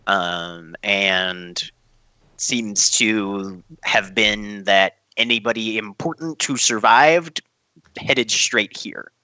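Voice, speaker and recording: A man narrating as game master of a tabletop game, describing scenes with pauses and repeats. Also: fairly low pitch, bright, forceful tone, smooth, no room sound, rough recording.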